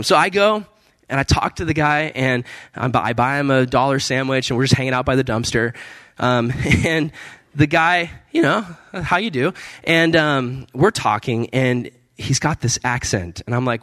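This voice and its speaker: A chatty pastor in his thirties tells a story from the pulpit in an easygoing, animated way. He laughs often and leaps up high when exclaiming. His voice sits at an everyday male pitch and sounds dry and close. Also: normal speed, no echo. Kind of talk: storytelling sermon.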